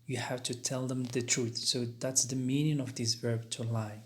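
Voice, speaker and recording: A man teaching an English grammar lesson, explaining spelling rules slowly and deliberately, spelling out letters with careful pauses and fillers. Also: mid-range voice, flat delivery.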